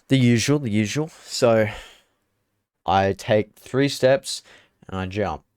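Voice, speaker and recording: Man, casual storytelling, animated, acts out scenes, smooth clear voice, dry close sound. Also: fairly low pitch, moderate pace, dry recording. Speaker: channel host.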